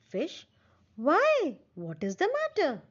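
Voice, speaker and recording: A woman's voice: high voice, wildly swooping pitch, slow pace, heavily acted. A woman teacher voicing frightened little fish who ask anxious, pleading questions. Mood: worried. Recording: dull lo-fi recording.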